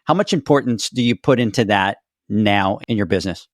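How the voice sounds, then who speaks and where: A man hosting a podcast, upbeat as he gives shout-outs and steers the questions. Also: fairly low pitch, brisk, dry recording. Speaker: podcast host. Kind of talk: casual podcast chat.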